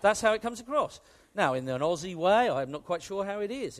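British guy preaching, really lively pitch, goes up high a lot, chatty and emphatic. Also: fairly quick, few pauses. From Britain. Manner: animated and conversational, shifting from hushed to emphatic. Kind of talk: sermon.

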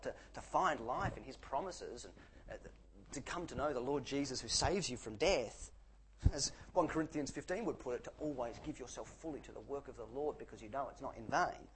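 A man preaching a sermon in an animated, jokey way, with sarcastic asides. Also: mid-range voice, brisk, a little hiss or hum, low-quality recording.

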